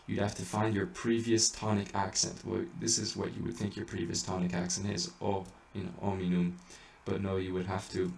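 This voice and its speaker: A man with a lowish, gravelly voice explains chant rules in a halting, filler-heavy way. He sounds a bit distant from the mic in an echoey room with faint noise behind him. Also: monotone, a little mellow. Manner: halting explanations with many fillers and restarts, breaking into sung Latin chant. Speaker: chant teacher. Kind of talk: informal spoken lesson with sung examples.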